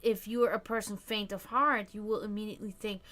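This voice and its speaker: A woman hosts a casual livestream, chatting loosely with viewers and answering their comments, with plenty of fillers and restarts. She speaks briskly at a medium pitch, with a steady, fairly bright tone.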